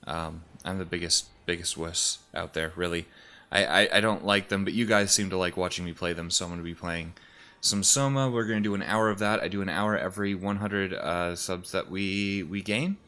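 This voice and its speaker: A man's voice: low voice, fairly even intonation, normal speed, pushed and bright. A man talking casually into his mic in a room at home, rambling with lots of fillers and restarts, a little out of breath and sniffly. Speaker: YouTuber and streamer. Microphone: desk mic.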